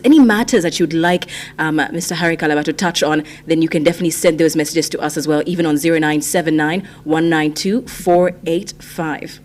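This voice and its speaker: A woman hosting a breakfast radio show, asking questions in a measured way with hesitant fillers. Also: sits low, darkish tone. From Zambia. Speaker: radio host.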